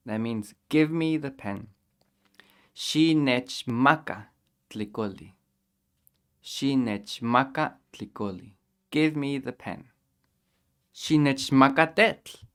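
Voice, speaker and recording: A man teaching a language lesson, patiently repeating each phrase slowly and clearly for learners to copy. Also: medium pitch, a bit bright.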